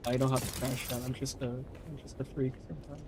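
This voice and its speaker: A man's voice: medium pitch, little pitch movement, brisk, background noise. A young man casually chatting to his viewers during a live game stream, loose and profane, answering chat questions. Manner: laid-back, swears casually, talks to chat.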